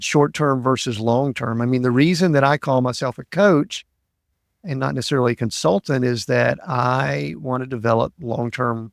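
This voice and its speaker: A man's voice: medium pitch, gravelly, no echo, studio quality. A man who hosts a podcast and works as a coach, asking reflective, probing questions in a conversational interview.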